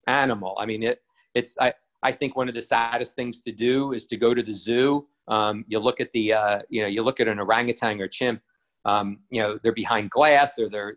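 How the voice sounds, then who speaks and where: A man's voice: fairly low pitch, fairly bright tone. A man casually retelling an old cartoon in a rambling, hesitant way, with many fillers and restarts.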